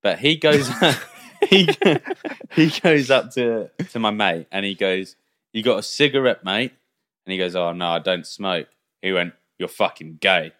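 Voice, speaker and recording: A young man, co-hosting a casual podcast. He tells stories animatedly and puts on voices for the people he quotes. His voice sits slightly low, and he swears freely. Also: animated, a little slow, a bit bright. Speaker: podcast co-host. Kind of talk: casual chat.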